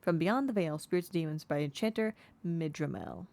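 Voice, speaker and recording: A woman's voice: sits low, fairly quick, a little mellow. A woman streaming a game, chatting casually and reading in-game text aloud, sounding out unfamiliar words as she goes.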